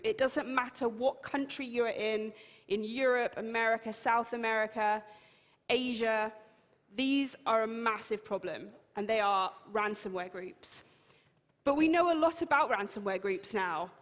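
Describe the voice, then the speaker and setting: A woman's voice: a little high, a little slow, fairly bright tone. A woman from the United Kingdom with a British accent, giving a conference talk in a chatty, self-deprecating and emphatic way. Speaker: keynote speaker. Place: large conference hall. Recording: long hall reverb.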